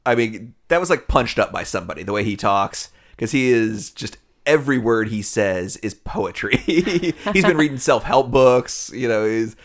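Man, 40s, podcast co-host, animated pitch, wry jokes, laughs a lot, casual film talk. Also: moderate pace, hardly any pauses. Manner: jokey, laughing asides, wry. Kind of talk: casual movie review chat.

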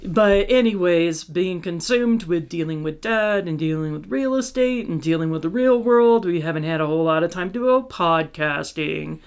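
A woman's voice: on the low side, animated, moderate pace, few pauses, clear, resonant tone. A woman, hosting a podcast in casual chat and laughing often. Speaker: podcast host.

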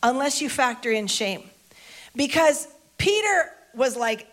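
A woman preacher with a fairly high voice tells a Bible story in an informal, conversational way. She repeats key lines for emphasis and keeps the tone chatty. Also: big pitch swings, a little slow, fairly bright tone.

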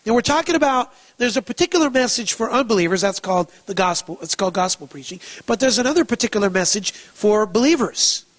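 A man's voice: high voice, expressive, fast talker, hardly any pauses, fairly bright tone, low-quality recording. A man preaching a sermon, emphatic, asking rhetorical questions and repeating key phrases. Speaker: pastor.

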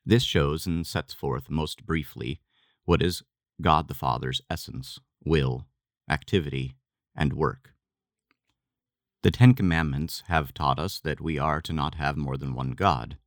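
A man giving a measured, deliberate scripted reading of a religious text. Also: very deep voice, dry recording, studio quality. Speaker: reader.

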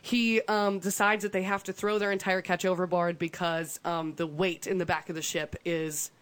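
A woman's voice: lowish voice, level tone, moderate pace, smooth. A woman co-hosting a podcast, telling a survival story in a chatty, laughing way. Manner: chatty, laughs often, lots of ums and likes. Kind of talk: casual storytelling chat.

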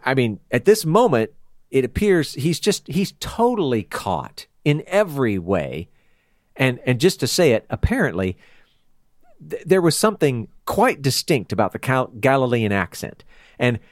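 A man leading a casual Bible study, talking in a chatty, animated way and laughing often. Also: mid-range voice, no echo, studio quality. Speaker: Bible teacher.

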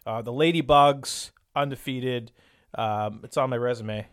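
A man's voice: mid-range voice, measured pace, fairly bright tone, clear, resonant tone. A man from Canada co-hosting a podcast, chatting casually and dropping joking quips. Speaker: podcast co-host.

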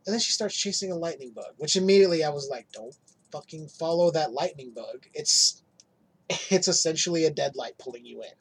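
A man's voice: on the high side, brisk, gravelly, slightly rough. A man in casual podcast chat, animatedly retelling a horror film, acting out lines and swearing freely. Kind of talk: casual movie recap chat.

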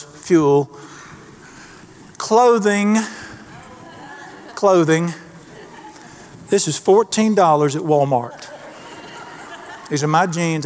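A man's voice: fairly high pitch, slight background noise. A middle-aged man preaching a sermon in a folksy, emphatic way, asking the congregation questions. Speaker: pastor.

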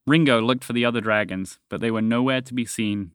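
Male storyteller, lively expressive read, middle voice, dry booth sound. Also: medium pitch, brisk, few pauses, smooth, dry recording. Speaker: narrator. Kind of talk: storybook narration.

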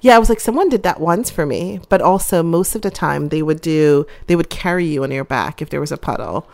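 A woman's voice: low-pitched, expressive, a little fast, gravelly, a little mellow. A woman co-hosting a podcast, telling a story in a dramatic, self-mocking casual chat. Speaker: podcast co-host.

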